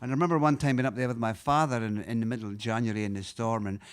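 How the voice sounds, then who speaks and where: A man's voice: mid-range voice, steady tone, clean tone. Rambling Scottish man telling a story. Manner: rambling, halting, chuckling often. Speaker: singer-songwriter introducing a song. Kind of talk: storytelling patter between songs.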